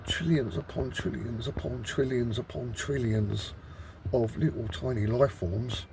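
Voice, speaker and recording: A man rants to the camera from a wood, his voice sitting at an ordinary middle pitch. He talks in halting, stop-start phrases, swearing heavily and circling back in exasperation. A faint outdoor hiss sits under him. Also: vocal fry. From Britain. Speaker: vlogger. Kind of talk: rambling outdoor monologue. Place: woodland outdoors.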